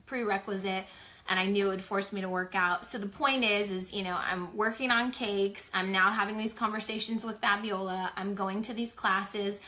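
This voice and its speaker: A woman in her forties telling her business story in a casual live chat, animated and chatty, full of "like". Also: medium pitch. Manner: chatty, animated, heavy use of "like". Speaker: small business co-owner sharing her story.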